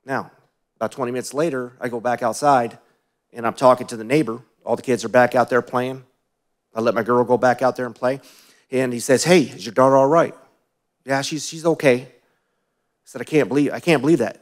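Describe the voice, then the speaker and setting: A male pastor giving a sermon, telling personal stories in a conversational way and asking the congregation questions, often dropping to quieter asides. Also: mid-range voice, fairly even intonation, a little fast.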